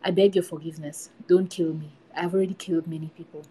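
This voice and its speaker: A murderous old man who lives in the woods, read by a woman for a spoken folktale. He is insistent and pressing, in a mellow, low, husky voice. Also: steady tone, fast, poor audio.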